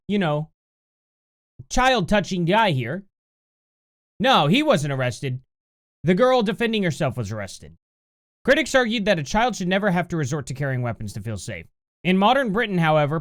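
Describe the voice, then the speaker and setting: Brief: indignant American commentary host, lively swooping pitch, mocking asides. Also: male voice. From United States. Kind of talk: reacting to a news clip.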